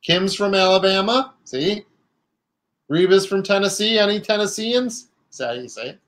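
A man's voice: high-pitched, normal speed, a bit bright. A man co-hosting a casual craft livestream, chatting and reading out viewers' comments. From Chicago area, United States. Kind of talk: casual live-stream chat.

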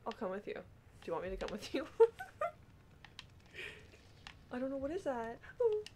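A young woman chats her way through a video game, easily rattled and quick to laugh. Her voice sits high and swings widely in pitch. There is audible background noise in the recording. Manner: excitable, panicky, laughs a lot. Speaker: gaming vlog host. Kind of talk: casual gameplay chat.

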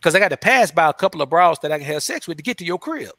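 Brief: male interview guest, loose slangy storyteller, fairly high bright voice. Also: sing-song, rapid-fire, no room sound, studio quality. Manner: loose, slangy storytelling, says "man" constantly. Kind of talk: casual interview talk.

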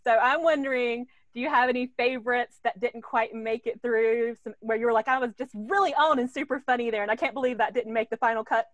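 A woman interviewing a voice actor, asking eager, quick questions. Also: fairly high pitch, fairly even intonation, dry recording. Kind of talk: casual interview.

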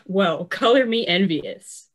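A woman's voice: medium pitch, lively intonation, takes it slowly. A young woman playing a sarcastic teenage girl on an adventure, speaking dryly. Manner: dry, sarcastic. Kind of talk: stage play acting.

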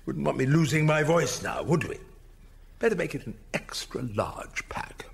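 An actor playing a vain, eccentric museum curator in a radio sitcom, talking in a pompous, theatrical way. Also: male voice, a little high, very animated, normal speed, gravelly, a little hiss or hum. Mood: grandiose.

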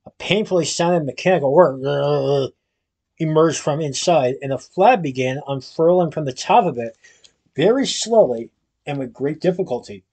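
Husky man reading a story aloud. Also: fairly high pitch, moderate pace. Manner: steady reading with occasional restarts. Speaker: storybook reader.

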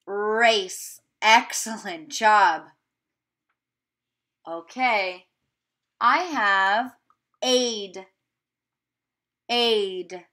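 A woman teacher giving a remote video lesson to young children, sounding out words slowly and encouraging them. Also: medium pitch, bright, forceful tone.

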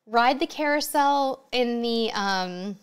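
A woman's voice: on the high side, lively intonation, takes it slowly, clear, resonant tone. A woman hosting a casual live-stream Q&A from home, reading out viewer comments and answering them with chatty enthusiasm. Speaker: livestream host answering viewer questions.

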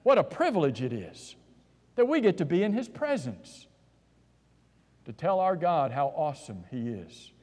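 In a church sanctuary with long hall reverb, a man preaches an earnest sermon in a fairly high, darkish voice with big pitch swings. His pace is moderate and he pauses often, asking rhetorical questions and repeating words as each thought begins.

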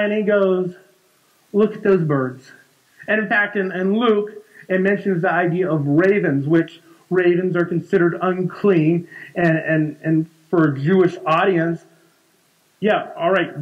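A man's voice: high voice, muffled recording. A man in his forties preaching a conversational sermon in a church, often repeating words and restarting sentences. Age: 40s. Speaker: pastor.

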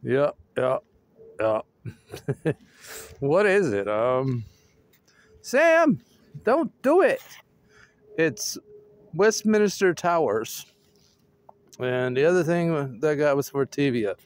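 A man vlogging casually outdoors with his dog, excitable and laughing often, his voice going hoarse. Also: mid-range voice, takes it slowly, long pauses. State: losing his voice. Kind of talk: casual vlog chat.

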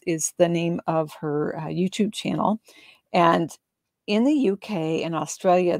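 A woman's voice: fairly low pitch, vocal fry, darkish tone, no room sound, studio quality. A woman demonstrating a craft project in a casual, upbeat tutorial, talking chattily from her home craft room. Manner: chatty and upbeat, with frequent laughs. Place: home craft room under a ring light.

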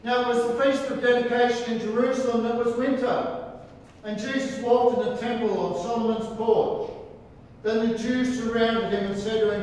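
A man's voice: extremely high pitch, flat delivery, normal speed, a little mellow. An Australian man preaching a sermon as pastor, emphatic, with rhetorical questions and repeated calls to listen. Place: large church hall. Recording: echoey church hall from far off.

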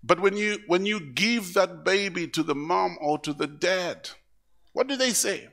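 A man preaching a live church sermon, animated, repeating words and acting out voices as he goes. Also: sits high, measured pace, creaky. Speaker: pastor. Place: church service.

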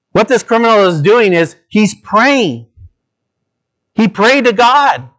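A male pastor delivers a sermon in a fairly high voice. He speaks earnestly and directly to his listeners, dropping low and slow to stress a point, then lifting into urgent appeals. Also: big pitch swings, a bit bright. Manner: dramatic shifts between low, slow emphasis and raised, urgent appeals.

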